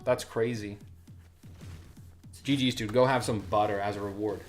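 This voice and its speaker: A man's voice: fairly low pitch, fairly even intonation, normal speed, faint music behind. A man streaming a fighting game, chatting casually with rambling asides and plenty of fillers. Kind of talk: casual gameplay commentary.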